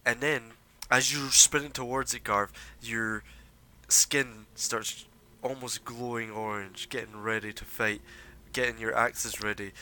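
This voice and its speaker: A man narrating as game master for a tabletop role-playing game, in a relaxed way with frequent pauses. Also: medium pitch, slight background noise, poor audio.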